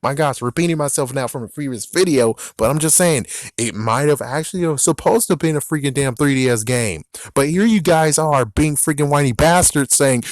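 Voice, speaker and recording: A man's voice: mid-range voice, no room sound, clean studio sound. A man giving a ranting commentary on games, exasperated and profane, repeating himself as he vents. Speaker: gaming vlogger.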